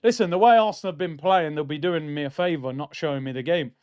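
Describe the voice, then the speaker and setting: Brief: young streamer, high voice, exasperated banter, slightly dull lo-fi mic. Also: male voice, fast, few pauses, smooth. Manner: animated, exasperated banter with chat. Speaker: football watchalong streamer. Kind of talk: casual live-stream chat.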